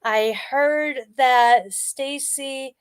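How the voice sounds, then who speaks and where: A high-pitched, very slow, smooth female voice with no room sound belongs to a co-host on a casual chat show. She tells rambling stories and playfully defends herself.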